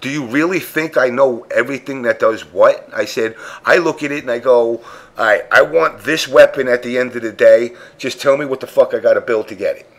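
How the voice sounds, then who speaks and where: A man of ordinary pitch chats on a podcast panel. He is blunt and profane, and he acts out the other people's lines as he tells his story. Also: a little fast. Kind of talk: casual chat storytelling.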